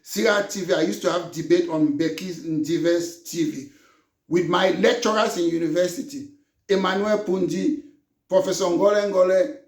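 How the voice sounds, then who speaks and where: A man with a high voice delivers a political broadcast as a party leader. He talks in an emphatic, combative way and rises to shouting. The recording has an echoey room sound. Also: moderate pace. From Cameroon.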